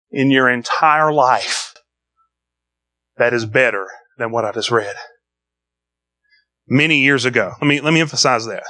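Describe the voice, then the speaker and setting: A middle-aged man preaching a sermon as pastor, swinging between loud emphatic lines and quiet low ones.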